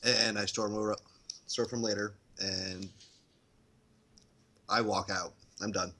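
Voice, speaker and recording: Flat-voiced man playing a tabletop game. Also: on the low side, takes it slowly. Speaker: player. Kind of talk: casual play.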